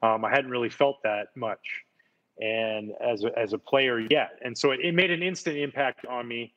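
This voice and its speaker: A former ballplayer chats in an easygoing, enthusiastic way, doubling up words as he tells his stories. His voice sits at a middling pitch for a man. The recording is a bit dull and lo-fi. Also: normal speed, fairly bright tone. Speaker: former baseball player, guest. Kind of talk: casual chat, storytelling.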